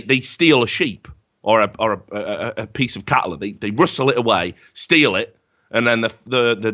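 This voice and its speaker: A man in casual podcast chat who tells stories in an animated, swearing way, with sarcastic asides. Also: mid-range voice. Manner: animated, profane storytelling. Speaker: podcast guest.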